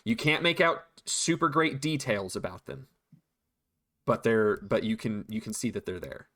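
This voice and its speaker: A man narrating as game master of a tabletop game, describing scenes with frequent pauses and restarts. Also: mid-range voice, a bit bright.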